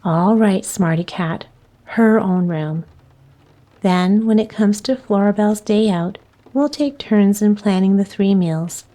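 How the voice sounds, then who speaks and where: A firm, no-nonsense young girl who takes charge of everyone, read out by a woman in her own slow, mellow voice. She lays down plans with brisk authority and a touch of scorn. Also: medium pitch, natural voice. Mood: bossy. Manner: firm, commanding, sometimes scornful.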